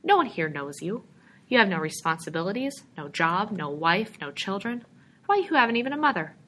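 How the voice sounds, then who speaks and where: A woman's voice: mid-range voice, sing-song, fairly quick, a bit bright, a little hiss or hum, rough recording. A woman reading aloud, voicing a little middle-aged male stranger who is a patient, coaxing brush peddler. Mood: delighted.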